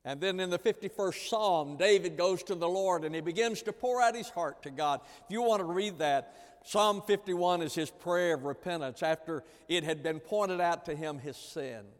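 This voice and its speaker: A man preaching a sermon, earnest and repetitive, swinging from loud emphasis to hushed lines. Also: high voice, normal speed. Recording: long reverb of a large hall.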